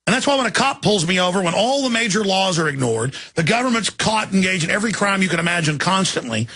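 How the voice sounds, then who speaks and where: A man delivering an angry political rant as a talk show host, repeating himself and breaking into shouts. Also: high-pitched, sing-song, fast talker. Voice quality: gravelly, raspy.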